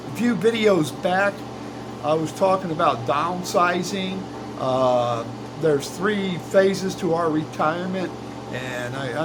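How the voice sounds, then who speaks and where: An older retired man talks in a folksy, meandering way, full of fillers and restarts, as he stands by a truck he is working on. His voice sits a little high for a man. A loud air-conditioning hum and vehicle noise run under the recording. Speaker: retired vlogger. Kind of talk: casual rambling chat. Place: workshop or yard beside an old truck.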